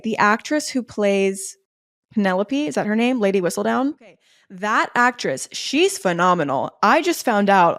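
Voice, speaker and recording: A woman's voice: medium pitch, dry recording. Chatty young woman podcasting, dry close mic. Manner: chatty and candid, with frequent "like" fillers. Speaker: podcast host. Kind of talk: casual solo podcast chat.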